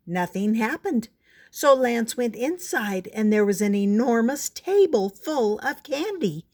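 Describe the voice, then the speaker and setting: Older lady reading a kids book, real slow, gentle, expressive. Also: on the high side. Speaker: storyteller. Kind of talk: reading a picture book aloud.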